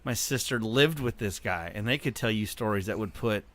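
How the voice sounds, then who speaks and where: Male podcast host, bright forceful tone, easygoing joking banter. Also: on the low side, normal speed. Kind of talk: casual chat.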